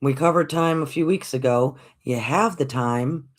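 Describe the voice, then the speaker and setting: A podcast host giving a reflective spiritual talk, gentle and encouraging, repeating phrases, asking rhetorical questions and calling listeners folks. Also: medium pitch, normal speed.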